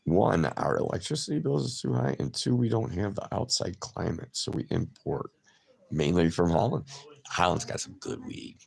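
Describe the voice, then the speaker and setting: A man's voice: deep voice, lively intonation, moderate pace, gravelly, husky. A man hosting a casual livestream, chatting loosely and answering viewer comments by name. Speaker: livestream host.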